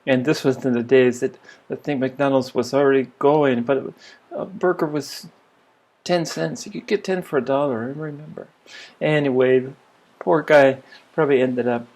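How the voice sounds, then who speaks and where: An older man telling a childhood story in a reflective spiritual talk, musing and rambling with restarts and soft laughs. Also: medium pitch, steady tone, normal speed. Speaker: spiritual teacher.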